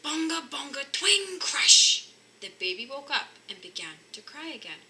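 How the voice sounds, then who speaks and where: With a high-pitched voice and a slightly slow pace, a woman reads a children's picture book in a lively way, pitching up for the bear cubs' dialogue. Slight background noise is present.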